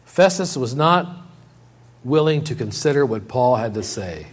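Man, preacher, sermon, mid pitch, animated delivery, repeats phrases for emphasis. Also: unhurried. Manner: animated, rising high and loud when quoting and paraphrasing, dropping low for emphasis.

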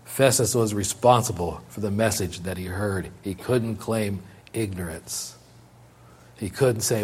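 A man preaching a sermon, reading scripture aloud and paraphrasing it, rising high and loud in quotes and dropping low and quiet to drive points home, repeating key phrases. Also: unhurried, husky.

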